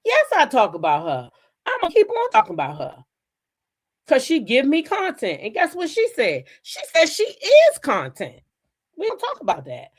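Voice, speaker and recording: A woman hosting her own channel, telling stories in a blunt, profane, animated style. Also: high-pitched, normal speed. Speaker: channel host. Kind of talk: casual commentary chat.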